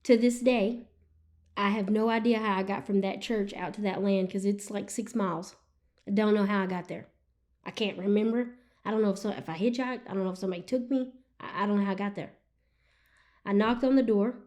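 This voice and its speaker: A woman's voice: medium pitch, fairly quick. Earnest woman telling her testimony. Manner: earnest and animated, with frequent "you know what I'm saying". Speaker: guest sharing her testimony. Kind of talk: emotional personal storytelling.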